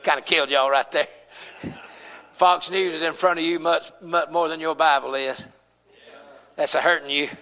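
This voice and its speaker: A man's voice: a little high, steady tone, normal speed, pauses often, bright, forceful tone, big-room sound. A man with a Southern US accent preaching a sermon, folksy and emphatic, calling out to his congregation.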